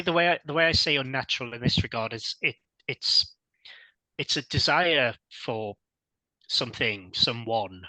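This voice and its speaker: Male panelist, bright and crisp tone, dry close recording, measured and reflective. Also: medium pitch, dry recording, poor audio. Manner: measured, reflective, thinks aloud. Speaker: podcast panelist. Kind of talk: casual panel discussion.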